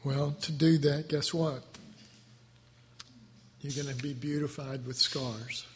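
Slow, tender male Bible teacher. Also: on the high side, steady tone. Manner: tender, halting, emotionally moved. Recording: echoey hall with faint background noise.

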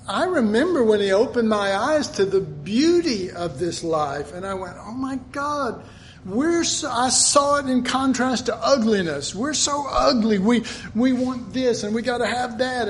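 A man's voice: sits high, a little hiss or hum. A middle-aged man preaching a sermon, earnest and emphatic, often repeating himself.

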